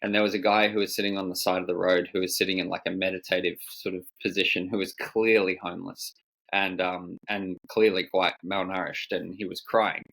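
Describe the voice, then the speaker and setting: A man's voice: low voice, flat delivery, a little fast, gravelly, a bit bright, low-quality recording. A man being interviewed as a coach, telling a personal story in a thoughtful, searching way with many restarts. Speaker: guest coach. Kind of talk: reflective storytelling in conversation.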